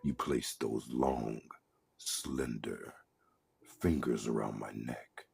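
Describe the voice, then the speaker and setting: Man, very deep, gravelly, husky, slow intimate reading of an erotic story. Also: steady tone, darkish tone.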